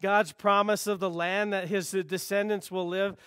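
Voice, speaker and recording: A man's voice: high voice, little pitch movement, normal speed, a bit bright, smooth, dry recording, studio quality. A man pastor preaching a sermon, earnest and repetitive for emphasis, quoting scripture and sometimes dropping to a near whisper. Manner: earnest, repeats phrases for emphasis, quotes scripture, drops to near whisper at times.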